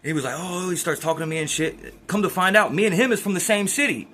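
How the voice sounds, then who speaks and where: A man's voice: high-pitched, lively intonation, fast, bright, forceful tone, a little hiss or hum. A man in his twenties casually telling a story, streetwise and slangy, acting out what others said. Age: 20s. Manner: streetwise slangy retelling with quoted dialogue.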